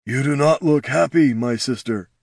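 A man doing an orc chieftain, young, huge, hesitant, halting, storybook. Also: medium pitch, vocal fry, a little mellow, dry recording, studio quality, pitched above the performer's own voice. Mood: uneasy.

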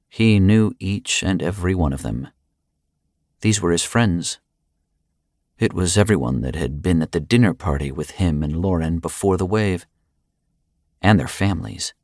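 A man with a very deep voice reading an audiobook in a grave, measured style. The recording is dry and close, with no room sound. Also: no room sound. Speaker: audiobook narrator. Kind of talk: scripted narration.

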